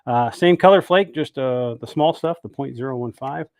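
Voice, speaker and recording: Working away in an indoor workshop, a man runs a relaxed livestream about making bait, talking casually and welcoming viewers by name. His medium-pitched voice is a little mellow and moves at a normal speed, with no room sound.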